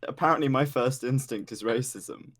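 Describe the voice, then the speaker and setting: A player in a tabletop game, chatting casually and joking with a deadpan edge. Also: mid-range voice, normal speed.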